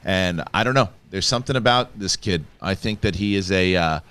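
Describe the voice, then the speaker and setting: A man's voice: deep voice, brisk, fairly bright tone, clean tone. A man with a Chicago accent hosting a casual panel chat on a studio mic, rambling, repeating himself and swearing. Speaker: host.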